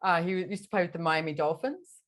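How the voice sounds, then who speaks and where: A woman's voice: on the low side, animated. A woman hosting a podcast interview, casually chatting, often agreeing with her guest and posing reflective questions. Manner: affirming, lots of quick agreement, rhetorical questions. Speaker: podcast host.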